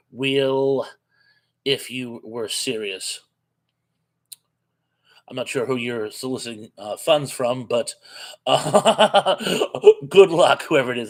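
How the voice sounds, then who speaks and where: A man hosting a live chat, reading out viewer comments and replying casually. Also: medium pitch. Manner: chatty, reads viewer comments aloud and answers them with quick asides.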